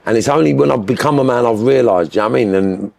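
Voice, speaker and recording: A man with a Liverpool accent, an interview guest telling his story in a lively, animated way, swearing freely. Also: medium pitch, quick pace, gravelly. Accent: Liverpool (Scouse). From Liverpool, England. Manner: animated, swears freely, mimics other voices.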